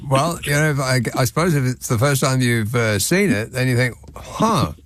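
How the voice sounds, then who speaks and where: A man's voice: medium pitch, a little fast, dry recording. A man hosting a late-night radio phone-in, reading texts with sardonic, dry asides. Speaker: radio talk show host. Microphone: studio microphone.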